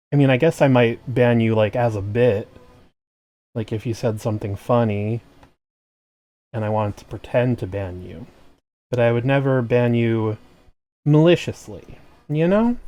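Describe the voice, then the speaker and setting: A man with a warm, mid-range voice livestreams himself painting miniatures, chatting casually and jokingly with viewers at a desk microphone. He often trails off mid-sentence and restarts.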